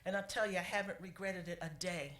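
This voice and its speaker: A woman serving as city clerk gives a heartfelt, halting tribute at a council meeting, pausing often and fighting back tears. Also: on the low side, fairly bright tone. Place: council chamber. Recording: echoey chamber with faint room noise.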